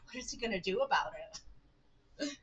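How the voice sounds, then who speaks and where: A woman's voice: a little high, lively intonation, normal speed, fairly bright tone, poor audio. A young woman streaming a game, chatting playfully with viewers and giggling between lines. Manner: giggly, playful, reads game text aloud. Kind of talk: casual live-stream commentary.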